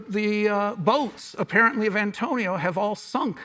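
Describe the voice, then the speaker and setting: A man's voice: sits high, moderate pace, few pauses, sharp tone. A man giving a public lecture in a conversational, digressive way, often restarting his sentences and slipping in dry humorous asides.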